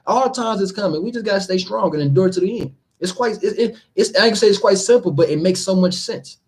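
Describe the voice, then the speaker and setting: A man casually explaining scripture, animated and laughing, acting out the people he talks about. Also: high-pitched, quick pace. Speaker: teacher leading scripture study.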